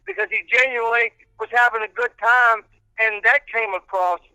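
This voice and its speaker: A man's voice: very high voice, fairly even intonation, normal speed, sharp tone, smooth, no echo, rough recording. An older man, a radio personality, telling rambling stories in casual podcast chat with many restarts.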